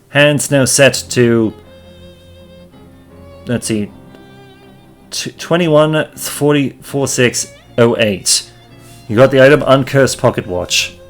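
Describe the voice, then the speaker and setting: A man hosting a let's play, reading out the game's text in an even, middle voice. He drags out the narration and muses to himself between choices. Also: mid-range voice. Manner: slow, drawn-out narration of game text. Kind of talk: reading game text aloud.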